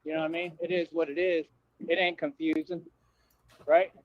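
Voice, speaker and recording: A man's voice: a little high, level tone, moderate pace. A man on a livestream delivering a confrontational, slangy rant at his viewers, repeating himself as he goes. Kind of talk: ranting livestream monologue. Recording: dull dry livestream audio.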